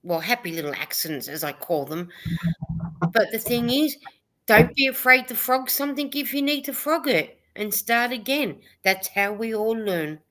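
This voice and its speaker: Woman, chatty livestream co-host, reads comments aloud, laughs a lot, bright crisp tone. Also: fairly high pitch, moderate pace. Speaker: livestream co-host reading chat. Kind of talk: casual live chat.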